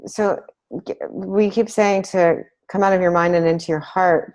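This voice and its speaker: A woman with a notably low voice hosting a spiritual teaching talk. She lingers on her words and draws each phrase out in a slow, deliberate rhythm. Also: darkish tone. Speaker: host.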